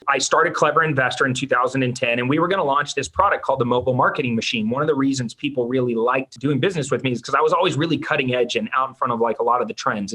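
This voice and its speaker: An entrepreneur on a podcast recounts his story with animated, self-mocking energy. His voice is bright and forward, sitting at an ordinary male pitch.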